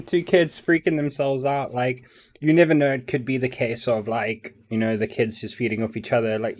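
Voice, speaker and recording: A woman's voice: extremely low pitch, a little mellow. A woman hosting a reaction video, chatting casually and laughing between comments with lots of fillers.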